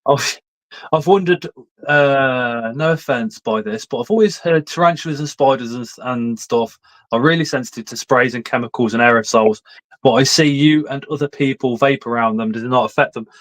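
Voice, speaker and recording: A man's voice: mid-range voice, normal speed, fairly bright tone, rough recording. Joking man hosting a live chat. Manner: joking, rambling, chatty. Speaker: live stream host. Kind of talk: casual chat.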